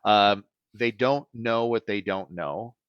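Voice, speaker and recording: A man's voice: on the low side, takes it slowly, clear, resonant tone, no room sound, highs cut off. A man who works as a business transition advisor, answering podcast interview questions in an earnest way and often checking in with "right?".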